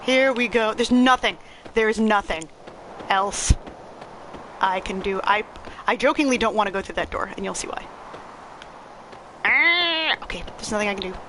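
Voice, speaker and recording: A woman's voice: mid-range voice, moderate pace, a bit bright, slight background noise. A young woman streaming a video game, chatting playfully and poking fun at herself. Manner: chatty, self-deprecating, playful. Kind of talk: casual gameplay commentary. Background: game music.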